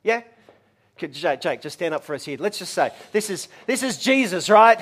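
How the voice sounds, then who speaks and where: A man's voice: sits high, normal speed. A man preaching a sermon, telling stories animatedly and acting out voices. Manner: animated storytelling, acts out voices and shouts. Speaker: pastor.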